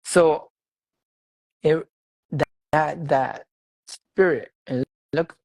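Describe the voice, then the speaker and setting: A man telling a personal faith testimony in a casual interview, animated and laughing often, repeating his phrases. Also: a little high, very slow, dry recording, rough recording. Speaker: guest sharing a faith testimony.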